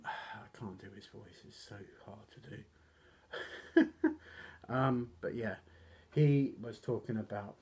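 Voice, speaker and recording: A man's voice: mid-range voice, slow pace, long pauses, noisy background. A man giving a casual, rambling wrestling recap, coughing now and then and poking fun at himself. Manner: rambling, self-deprecating, coughs often. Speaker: wrestling reviewer.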